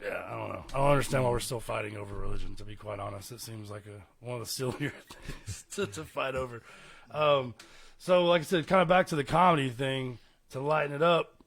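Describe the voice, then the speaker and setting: A man's voice: mid-range voice, brisk, vocal fry, a bit bright. A man from East Texas, hosting a podcast in casual, rambling interview chat. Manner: rambling, chuckles often. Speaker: podcast host.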